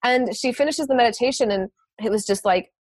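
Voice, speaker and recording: A woman telling a personal story in casual conversation, animated, laughing often and swearing casually. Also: a little high, a little fast, no room sound.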